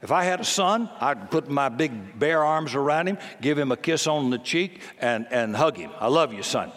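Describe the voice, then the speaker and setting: A man's voice: fairly high pitch, lively intonation, normal speed, a bit bright. A man in his seventies preaching a sermon in a folksy, emphatic way, often acting out the voices he quotes. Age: 70s. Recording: long hall reverb.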